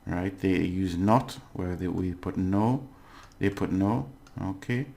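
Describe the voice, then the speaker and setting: Low-voiced man teaching a casual lesson. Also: steady tone, vocal fry, mellow. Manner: patient, often checking in with "okay?" and pausing with "uh". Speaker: language teacher. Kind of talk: casual recorded lesson recap.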